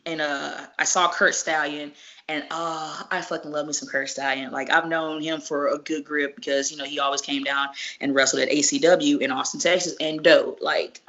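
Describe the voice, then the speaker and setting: Animated, profane woman telling stories. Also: low voice, moderate pace. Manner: animated, profane, acts out dialogue. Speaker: professional wrestler, interview guest. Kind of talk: casual interview storytelling. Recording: muffled lo-fi recording.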